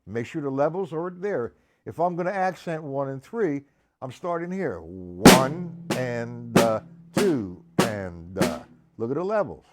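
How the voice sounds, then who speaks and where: Speaking at normal speed in a fairly high, darkish, very animated voice, a man leads a drum lesson streamed live from an indoor studio. Soft background music and drum playing sit under his voice as he counts aloud and names students, picked up by a live stream mic.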